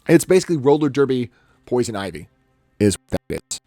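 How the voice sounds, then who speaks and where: A man talking casually on a live stream as he edits photos, narrating each step aloud in a chatty way. His pitch swings widely as he goes, with faint music playing behind him. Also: very animated, mellow, dry recording. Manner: chatty, talks himself through each step, quick laughs.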